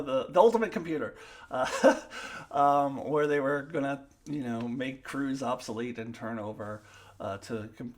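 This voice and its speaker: A woman giving a solo review of a TV episode, opinionated and emphatic, with frequent fillers and restarts as she thinks out loud. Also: rumbling low. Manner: opinionated, emphatic, gets loud when annoyed.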